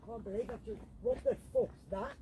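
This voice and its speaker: A woman ghost hunting outdoors in a cemetery at night, talking into a handheld camera in an excitable, frightened way and swearing often. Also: a little high, fairly quick, background noise. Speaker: paranormal vlogger. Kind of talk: live ghost-hunting commentary.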